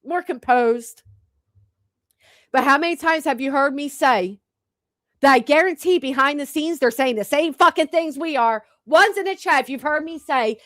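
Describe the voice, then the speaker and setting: A woman's voice: sits high, fairly bright tone, dry recording, studio quality. Blunt, profane woman streamer. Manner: blunt, profane, talks straight to chat. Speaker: livestream commentary host. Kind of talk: reaction commentary stream.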